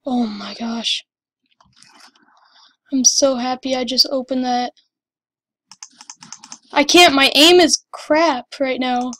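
High-pitched woman gushing over gameplay. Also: takes it slowly, pauses often, bright, forceful tone, dry recording. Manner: gushing, breathless exclaiming. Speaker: gamer. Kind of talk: excited gameplay commentary.

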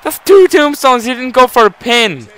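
A young man commentating his own wrestling video game match live, excitable and swearing, shouting at the screen. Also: very high voice, moderate pace, clean tone.

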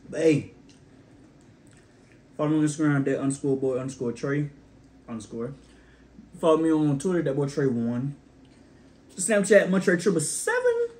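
A man's voice: on the high side, very animated, normal speed, long pauses, darkish tone. A young man hosting his own casual cooking vlog, laid-back and talking straight to his viewers while he tastes his food. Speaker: cooking vlogger.

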